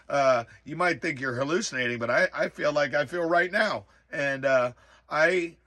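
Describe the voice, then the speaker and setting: A man telling a personal story in a casual, animated way, exclaiming often and filling pauses with "uh" and "um". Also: a little high, vocal fry. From rural area. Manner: animated, exclaims in bursts, many fillers. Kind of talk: casual spoken recollection.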